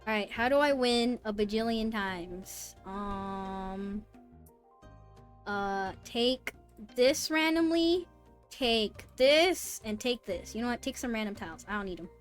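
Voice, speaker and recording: An animated, high-voiced woman streamer talks slowly through casual gaming chat, swearing often. She moves from mumbled muttering to sharp yelps of disbelief, with faint music in the background.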